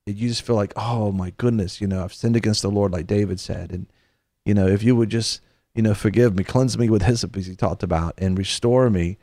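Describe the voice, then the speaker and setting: Middle-aged male host preaching on a faith talk show, lowish voice, earnest and chatty, dry close mic. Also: steady tone, brisk, mellow, no room sound. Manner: earnest, conversational, with repeated restarts.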